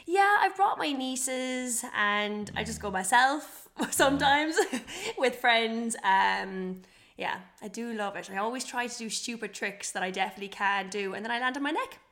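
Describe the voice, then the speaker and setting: High-voiced woman guest, giggles a lot, easygoing podcast chat. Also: lively intonation, moderate pace, fairly bright tone. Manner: giggly, laughs through lines. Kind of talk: casual chat.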